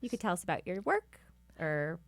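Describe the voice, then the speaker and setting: A midwife co-host chats easily and tells a story from her life. Her voice sits a little low, and the sound is dry and close. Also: sing-song, moderate pace, dry recording. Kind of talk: casual podcast conversation.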